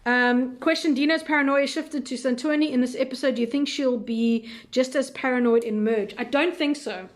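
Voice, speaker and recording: A woman with a slightly high voice hosts a live recap chat. She thinks aloud with plenty of fillers and admits she is unsure as she answers viewers' questions. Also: fairly even intonation, normal speed, few pauses.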